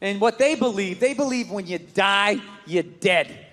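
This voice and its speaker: A man doing a stand-up comedy set on stage, ranting loudly and cursing freely into a handheld microphone. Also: sits high, unhurried, in a large hall. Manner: loud, ranting, profane. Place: stage before a live audience. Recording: live comedy club with audience.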